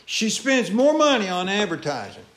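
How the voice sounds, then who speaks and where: Guy preaching, voice jumps all over, kinda high, echoey room. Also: sing-song, normal speed. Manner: folksy preaching, swings between loud calls and low asides. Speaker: pastor. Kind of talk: sermon.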